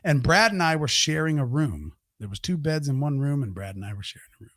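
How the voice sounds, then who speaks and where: A man hosting a podcast, telling an anecdote in a casual, animated and profane way, acting out the voices of the people in it. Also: on the high side, quick pace, dry recording, studio quality. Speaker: podcast host. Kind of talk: casual storytelling.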